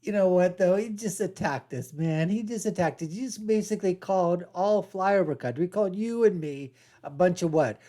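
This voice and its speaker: A man's voice: sits high, moderate pace, dark tone. Male reaction host, casual, laughs a lot, teasing asides. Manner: chatty, laughs often, mocking asides.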